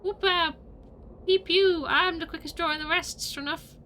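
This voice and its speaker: A woman's voice: very high-pitched, steady tone, moderate pace, bright, forceful tone, slight background noise, pitched above the performer's own voice. A woman voicing a folksy, boastful cowboy character in a video game. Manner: folksy western drawl.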